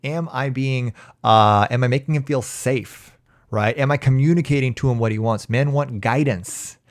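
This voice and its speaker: Male coach, mid-pitched and dry-sounding, hosting a loose live Q&A and doubling back on his phrases. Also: moderate pace, dry recording. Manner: casual, repetitive restarts, laughs easily. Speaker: relationship coach. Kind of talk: live-stream Q&A.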